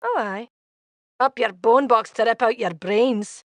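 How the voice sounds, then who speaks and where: An actress playing a blunt, sharp-tongued young female tiefling thief with a tail in game dialogue. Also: a little high, unhurried, no room sound. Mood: scornful.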